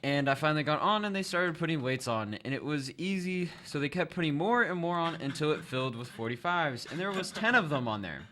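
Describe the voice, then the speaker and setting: Bright-voiced teenage guy telling a story. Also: fairly high pitch, brisk, hardly any pauses. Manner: animated storyteller, laughs often. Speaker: student podcast co-host. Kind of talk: casual chat.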